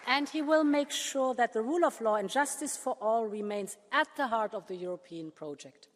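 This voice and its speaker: A woman leader giving a formal prepared speech to a parliament. She speaks in a measured way and slows down with pauses to stress key words. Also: a little high, some chatter behind. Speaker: political leader addressing a parliament. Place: large parliament chamber. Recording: long reverb of a large chamber.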